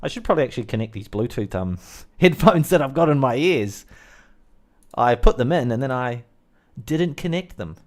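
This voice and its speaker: A man's voice: mid-range voice, lively intonation, normal speed. A man streaming on his own, rambling through a casual monologue with crude jokes, fillers and side remarks. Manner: crude, joking, full of fillers and asides.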